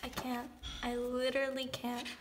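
A young woman unboxing an album in a casual vlog, gushing with delight and swinging between excited squeals and hushed whispers. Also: high-pitched, moderate pace, noisy background.

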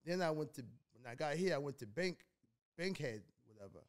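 A man's voice: fairly high pitch, lively intonation, brisk. A man in his fifties from New York, a guest telling stories in a casual interview, rambling and repeating words.

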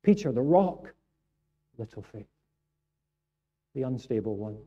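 A Scottish man preaching a sermon in a church, moving between quiet reflective passages and raised, emphatic ones. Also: medium pitch, very animated, measured pace. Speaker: pastor. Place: church sanctuary. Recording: dull lo-fi sound.

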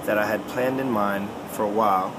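A nervous young man records a casual video diary from a car. He talks haltingly and keeps repeating himself. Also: on the low side, steady tone. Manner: hesitant, halting, with many repeats. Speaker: filmmaker recording a behind-the-scenes video. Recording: loud car and air conditioning noise.

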